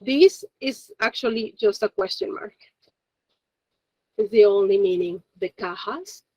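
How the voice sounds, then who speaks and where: A woman's voice: medium pitch, animated, measured pace, a little mellow, no echo, poor audio. A woman teaching a basic Japanese class over a video call, checking in often with her students. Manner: encouraging, checks in often with "okay?" and "yes?". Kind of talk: online class lesson. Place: Japanese language school in Monterrey.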